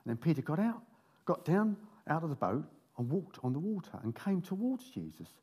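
Husky-voiced male preacher, lively and wry, reads scripture with playful asides. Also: fairly high pitch, brisk. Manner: animated, jokey asides while reading scripture. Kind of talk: sermon with Bible reading.

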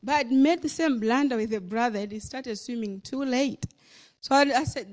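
A woman's voice: high voice, animated, moderate pace, darkish tone. A woman preacher delivering a sermon at a church service, emphatic, with many repeated phrases and a rising and falling delivery.

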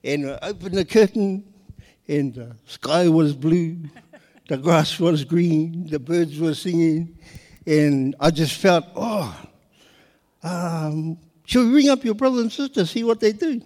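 A middle-aged man, telling a personal story in a lively way and laughing often. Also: on the high side, slow pace, big-room sound. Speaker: guest sharing his testimony.

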